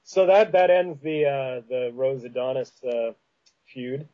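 A man's voice: mid-range voice, a little slow, lo-fi sound. Man with a Canadian Prairies accent. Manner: rambling, many fillers and restarts. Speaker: podcast host. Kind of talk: casual chat.

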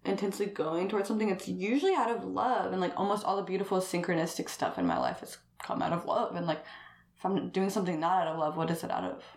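A woman's voice: on the low side, lively intonation, fast. A woman chatting casually as a guest, rambling and saying "like" constantly, laughing often. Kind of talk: casual conversation. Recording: roomy echo.

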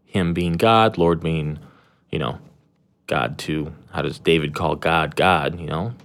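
A young man with a notably low voice chats casually as a podcast host. He rambles in a slangy, laid-back way, full of fillers and restarts. He keeps an irreverent, self-deprecating tone. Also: takes it slowly, a bit bright. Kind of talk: casual chat.

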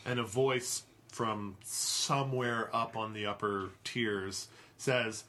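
A man's voice: fairly low pitch, slow pace, slight background noise. A man narrating as game master of a tabletop role-playing game, talking casually with fillers. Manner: relaxed, laughing, many fillers.

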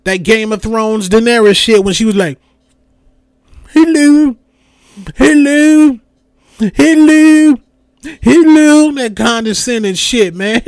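A young man rants on his podcast in a comedic, animated way, doing little voices and circling back to the same catchphrases. His voice sits fairly high for a man. The sound is dry and close, with no room around it. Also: no room sound. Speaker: podcast host.

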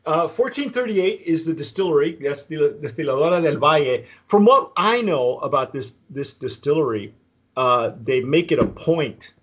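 A man with a fairly high-pitched voice talks his way through a tasting in a loose, unhurried chat. He stops and restarts his phrases again and again and fills the gaps with "um" and "uh". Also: animated, fairly bright tone, muffled recording. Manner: rambling, halting, with many restarts and fillers. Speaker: tequila review host.

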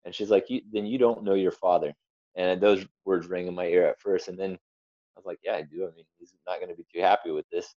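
A man's voice: low-pitched, steady tone, brisk, warm tone, dry recording, highs cut off. A young man giving an earnest, rambling personal testimony as an interview guest. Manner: earnest, rambling storyteller with restarts.

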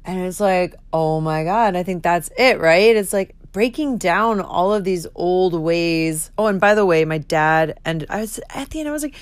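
A woman's voice: fairly low pitch, normal speed, hardly any pauses, smooth, no room sound. A woman in her thirties hosting her own podcast, talking candidly, giggling often and swearing freely. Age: 30s. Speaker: podcast host. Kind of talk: candid solo podcast monologue.

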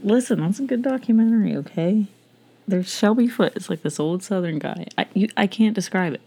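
A woman's voice: mid-range voice, brisk, gravelly, mellow, husky. A woman in her thirties co-hosting a casual home podcast, rambling and laughing at herself. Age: 30s. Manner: giggly, rambling, self-mocking. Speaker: podcast co-host. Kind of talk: casual chat.

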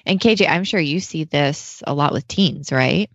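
A woman's voice: low voice, normal speed, dry recording, dull audio. A woman hosting a parenting podcast, telling stories about her child in a chatty, laughing way. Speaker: podcast host and mother. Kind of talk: casual podcast chat.

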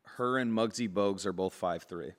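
Deadpan teasing young man. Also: fairly low pitch, normal speed. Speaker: podcast co-host. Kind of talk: casual chat.

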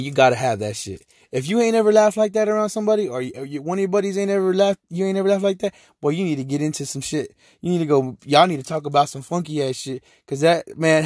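A man's voice: on the high side, no echo, studio quality. A man with a Texan accent hosting a casual solo podcast, talking loosely and profanely with lots of laughing asides. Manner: loose, profane, animated storytelling with frequent laughs. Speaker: podcast host.

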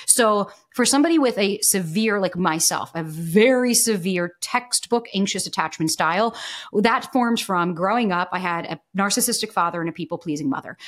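A woman in her thirties, a dating coach and podcast guest, telling her story candidly and bluntly, swearing freely and acting out the voices she quotes. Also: medium pitch.

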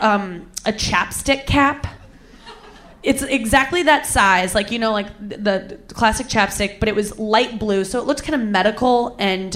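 A woman's voice: mid-range voice, fairly bright tone, a little hiss or hum. Woman, young adult, comedic storyteller, candid, crude, self-mocking.

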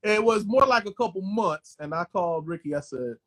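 Actor guest, male, quick and husky, slightly high voice, lively profane storyteller. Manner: animated, profane, repeats words. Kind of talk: casual interview storytelling.

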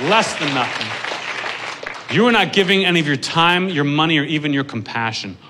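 A man doing a stand-up comedy set on stage, profane and building to shouted rants. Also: a little high, lively intonation, fast, a loud crowd, very noisy. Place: comedy club stage with a live audience.

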